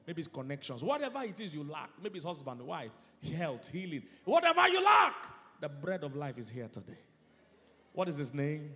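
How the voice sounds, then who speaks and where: A pastor preaching in a large church, his voice sitting a little high and rising and falling with lively sweeps. He drives his points with sudden loud decrees, then drops to near-hushed lines. Long reverb hangs in the hall, and faint music plays underneath. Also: normal speed. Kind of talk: sermon.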